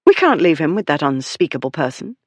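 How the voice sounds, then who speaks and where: A proud young noblewoman who speaks with cold command and open indignation, as an audiobook narrator puts her on. Her lines sit a bit higher and brisker than the narration. The sound is dry and close. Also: big pitch swings, husky, no room sound, full character voice. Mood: indignant. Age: young adult. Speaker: story character.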